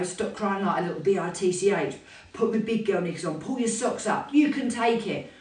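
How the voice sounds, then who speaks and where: A fitness instructor, chatting candidly and with animation about self-care. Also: female voice, on the low side, a little mellow. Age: 50s. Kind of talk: casual talk to camera. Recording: roomy, voice from a distance.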